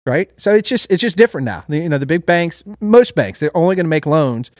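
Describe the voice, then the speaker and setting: A man, a restaurant owner, being interviewed on a podcast, calmly explaining how banks work through anecdotes. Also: a little high, dry recording, studio quality. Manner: measured, explains with anecdotes, repeats for emphasis. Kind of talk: casual interview chat.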